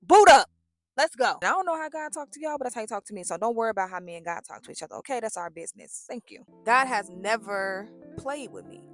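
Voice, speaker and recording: Animated woman in a casual faith vlog. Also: medium pitch, fast talker, hardly any pauses, no room sound, faint music behind. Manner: animated, acts out dialogues with God. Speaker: vlogger. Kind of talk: casual faith talk to camera.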